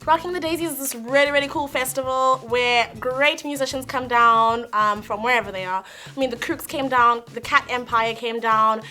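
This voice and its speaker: A young woman telling a personal story to camera, animated, blunt and emphatic, swearing at times. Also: a little high, moderate pace, soft background music. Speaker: vlogger.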